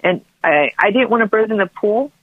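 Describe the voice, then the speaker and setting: A woman's voice: medium pitch, lively intonation, brisk, no echo. Woman rambling on a tinny phone line. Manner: rambling, with frequent restarts and "like" fillers. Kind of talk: personal storytelling.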